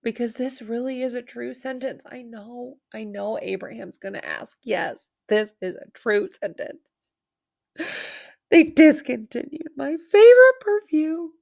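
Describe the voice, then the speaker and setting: A woman's voice: fairly high pitch, fairly even intonation, unhurried, creaky. A woman teacher giving an online reading lesson for children, playful and theatrical, with dramatic mock sadness.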